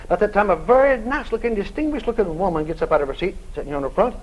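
A male preacher tells a story from the pulpit in a strikingly high voice. His pitch leaps up and down as he acts out the back-and-forth of the conversation. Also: rapid-fire, low-quality recording. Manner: animated storyteller, acting out dialogue. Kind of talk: sermon storytelling.

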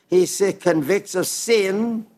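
Earnest preacher, slightly high male voice. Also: a little mellow. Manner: earnest, plain-spoken, addresses listeners as dear friends; reads scripture aloud slowly and deliberately. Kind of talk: sermon.

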